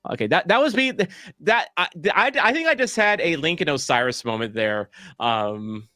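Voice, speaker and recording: A man's voice: mid-range voice, pushed and bright, no echo. Dude rambling to his stream chat, lots of ums and restarts, jokey about himself, super dry close mic. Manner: rambling, self-deprecating, many fillers and restarts. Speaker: streamer hosting a soccer watch-along. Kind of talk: casual live-stream chat reading comments.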